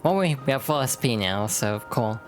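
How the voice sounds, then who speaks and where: A woman streamer chatting casually while playing, tossing in quick asides. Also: rumbling low, animated, slight background noise. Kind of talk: casual game commentary.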